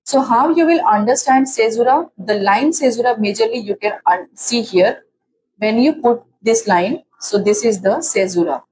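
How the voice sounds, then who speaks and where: A woman's voice: a little high, moderate pace, a little mellow, slight background noise, rough recording. A woman teaching literary terms in an exam-prep lecture, restating each definition several times with fillers and restarts. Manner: explains by repeating definitions.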